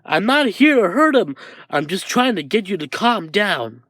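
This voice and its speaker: A man's voice: high voice, big pitch swings, normal speed, fairly bright tone, dry recording, pitched above the performer's own voice, heavily acted. A man voicing a firm, reassuring adult male hero mentor in a fan-told story.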